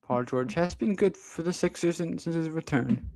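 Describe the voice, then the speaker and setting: An excitable young man calls basketball play-by-play from a close microphone, his voice sitting a little high. It sounds dry and close. He jumps up in pitch whenever a big play lands. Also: moderate pace, no echo. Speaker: play-by-play commentator. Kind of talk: amateur livestream sports commentary.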